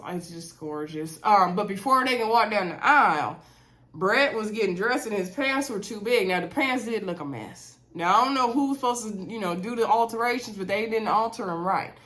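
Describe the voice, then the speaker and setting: A woman casually recapping a reality TV show, chatty and animated, with many fillers. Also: mid-range voice, moderate pace. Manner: chatty, animated retelling with lots of "um" and "y'all".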